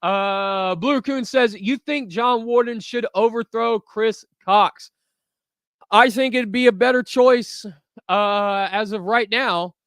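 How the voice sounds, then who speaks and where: A man hosting a toy channel livestream, reading viewer comments aloud and giving candid, relaxed opinions with lots of fillers. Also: sits high, takes it slowly, smooth, dry recording, clean studio sound. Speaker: toy review channel host.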